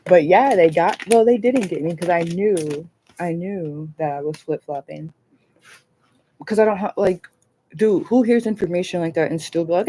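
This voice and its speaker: A woman hosting a casual livestream chat, rambling and animated, swearing freely and laughing often. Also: lowish voice, moderate pace. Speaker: livestream host.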